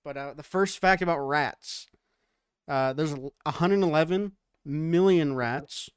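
A man's voice: a little high, a little slow, clean tone, no echo, studio quality. Laughing, joking man on a podcast. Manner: laughs often, crude joking. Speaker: podcast host. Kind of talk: casual chat.

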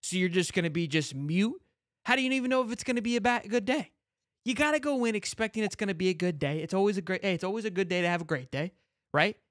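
A man's voice: high voice, lively intonation, quick pace, fairly bright tone, dry recording, studio quality. A man hosting a sports podcast in casual, fired-up fan talk, brash and swearing, piling on "like" and restarts.

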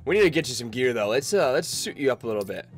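A man giving casual let's-play commentary, excitable, laughing often and reading game text aloud. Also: medium pitch, fast talker, husky. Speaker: gaming video creator.

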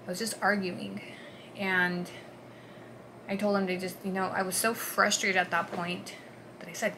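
A woman vlogger recounting a personal story in an earnest, halting way, dropping to a hush and then pushing hard. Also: mid-range voice, level tone, noisy background. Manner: earnest, halting, swings between hushed and forceful.

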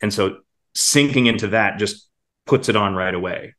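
A man, a voice actor, chatting casually in an interview and now and then slipping into quick character voices. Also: fairly low pitch. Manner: relaxed, demonstrates character voices in passing. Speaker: voice actor guest.

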